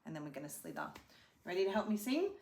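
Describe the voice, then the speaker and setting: A woman's voice: fairly low pitch, huge pitch swings, darkish tone. A young woman, a speech pathologist, leads a children's lesson, teaching hand signs and singing a simple animal song in a sing-song way. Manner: sing-song, slow and clearly paced for a child. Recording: roomy echo.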